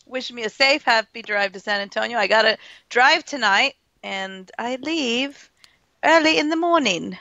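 A woman's voice: on the high side, moderate pace, sharp tone, no room sound, lo-fi sound. A woman co-hosting a live podcast, chatty and giggly, reading listener names aloud. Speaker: podcast co-host. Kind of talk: casual live podcast chat.

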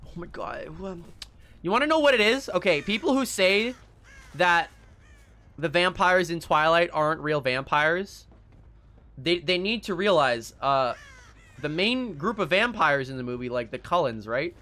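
A man's voice: on the high side, animated, measured pace, sharp tone. A young man streaming a game live, casually ranting and swearing, laughing at himself between rants. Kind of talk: casual live-stream chat while gaming.

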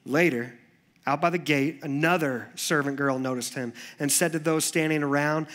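A man preaching a sermon in church, conversational, moving between animated asides and hushed, earnest passages. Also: fairly high pitch, normal speed. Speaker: pastor.

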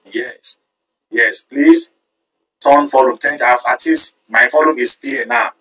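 A man hosting a live stream, reading viewer comments aloud and tallying their votes in an animated way. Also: medium pitch, slow, gravelly, recorded from a distance, rough recording. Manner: animated, switching between Yoruba and English, counting votes aloud. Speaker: livestream host.

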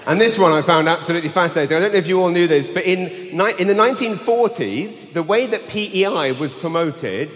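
A man's voice: sits high, lively intonation, brisk, hardly any pauses, a bit bright. A man with a London English accent doing a brash, sweary stand-up set live in a large arena on a handheld mic. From England. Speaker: stand-up comedian. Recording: live arena with long reverb, faint hum.

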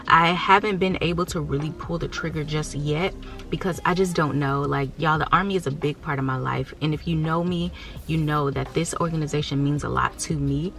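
A woman's voice: low voice, steady tone, brisk, creaky, fairly bright tone, soft background music. A woman in her thirties from the United States, talking candidly and emotionally to her viewers in a casual vlog. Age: 30s. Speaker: vlogger.

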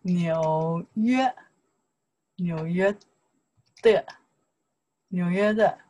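Woman, Chinese accent, Mandarin teacher, slow repetitive drilling, breathy voice, lowish pitch. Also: mellow, rough recording. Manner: slow, repetitive drilling with broken English asides; chatty, laughing, teacherly. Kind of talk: online Mandarin lesson.

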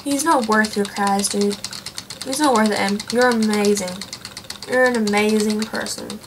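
A woman's voice: mid-range voice, fairly even intonation, unhurried, recorded from a distance, background noise. A woman hosting a let's play, reacting to a chat game in a playful, theatrical way. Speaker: gaming channel host.

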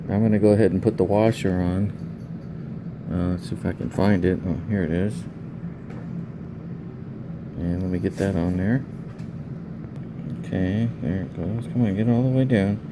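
An electronics repair hobbyist with a low-pitched voice talks casually at his home workbench, walking through a repair step by step. He's chatty and folksy, thinking aloud as he works, with background noise in the recording.

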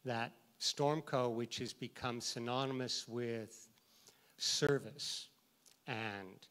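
A man, a teacher, telling a story in a talk, lively and acting out the people in it. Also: mid-range voice, slow. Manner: animated, acts out every voice in his story. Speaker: teacher and guest speaker.

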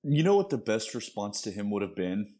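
A man's voice: fairly low pitch, big pitch swings, a little fast, mellow. A young man co-hosting a casual podcast, trading crude jokes and anecdotes. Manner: crude, joking banter. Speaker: podcast co-host. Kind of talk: casual chat.

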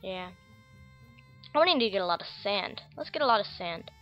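A woman's voice: medium pitch, expressive, normal speed, highs cut off, soft background music. A woman with an American accent hosting casual Minecraft gameplay commentary in a rambling, goofy, chatty way. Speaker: gaming channel host.

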